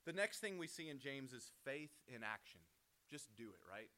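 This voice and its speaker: A man's voice: medium pitch, sing-song, normal speed, bright, forceful tone. A man giving a casual Bible teaching, conversational, often checking in with "right?" and restarting his words. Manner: frequent restarts and repeated words.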